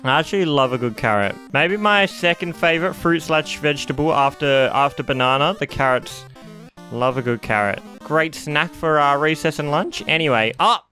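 A man narrates his own video game play in a fast, excitable, jokey stream, often exclaiming to himself. His voice sits a little high and sounds bright and forceful on a close mic. Faint game music plays behind him. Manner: excitable, jokey, talking to himself while playing. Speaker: gaming YouTuber. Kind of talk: let's-play commentary.

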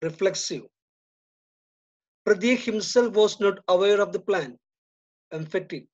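A man with an Indian English accent teaching a grammar lesson, reading each example sentence and then giving the answer more quietly. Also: high-pitched, a little slow. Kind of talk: slow, deliberate grammar lesson. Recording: dull lo-fi recording.

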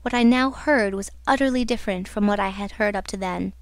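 A woman narrating a classic novel as an audiobook, with a measured, dramatic delivery. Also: mid-range voice, no echo. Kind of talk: scripted narration.

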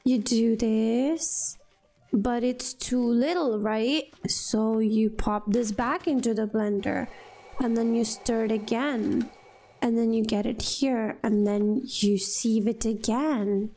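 A woman's voice: a little high, steady tone, takes it slowly, mellow, faint music behind. A woman giving casual gameplay commentary, exasperated and dramatic, laughing at her own struggles. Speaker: gamer playing through a cooking game.

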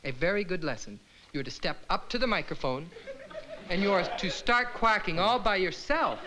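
An actor playing a folk singer on stage who breaks off his song to scold a bandmate in a mock-stern, deadpan way. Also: sits high, moderate pace, background noise, natural voice. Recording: loud instrumental music behind.

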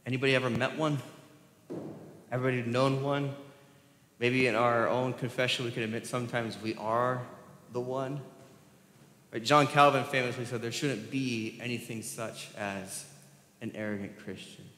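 A male pastor delivers a sermon in a relaxed, conversational way, tossing questions to the congregation and chuckling between points. His voice sits in a middle register. The sound carries a long, roomy reverb from the church hall. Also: medium pitch, normal speed, long pauses. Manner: conversational, asks the congregation questions, laughs often. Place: church sanctuary.

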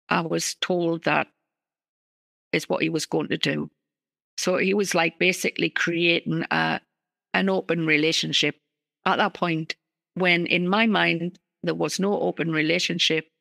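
A middle-aged woman, a guest in an interview, telling a personal story in an earnest, halting way with many restarts. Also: on the low side, fairly even intonation, creaky, a bit bright, dry recording.

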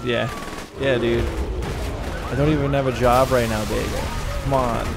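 A man's voice: mid-range voice, steady tone, normal speed, gravelly, over loud music. A man streaming a video game live, ranting and swearing at the game with mounting frustration. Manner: profane, exasperated ranting and yelling. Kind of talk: live gameplay commentary. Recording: game audio noise behind. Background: game gunfire and vehicles.

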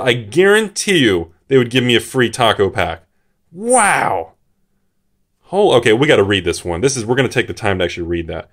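A man hosting a card-collecting channel, talking excitedly to his viewers as he opens a booster box and reacts to each card. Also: mid-range voice, moderate pace. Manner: excitable, full of exclamations; chatty, addresses viewers directly. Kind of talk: booster box opening commentary.

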